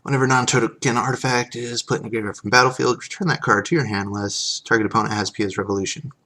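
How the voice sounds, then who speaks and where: A man's voice: medium pitch, fairly even intonation, quick pace, sharp tone. A man casually chatting on a live stream, reading card text aloud and thanking viewers as he opens packs.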